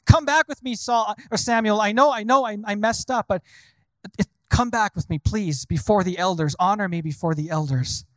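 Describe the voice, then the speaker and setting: Brief: a man acting out a stammering, whiny king who begs to be honored, high voice. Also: normal speed, no room sound, natural voice. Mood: pleading. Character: proud, pleading male biblical king.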